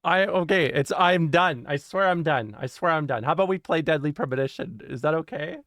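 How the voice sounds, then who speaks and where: A streamer chatting casually with viewers, rambling and laughing, often trailing off to quiet mumbles. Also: medium pitch, fairly quick, dry recording. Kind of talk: casual live stream chat.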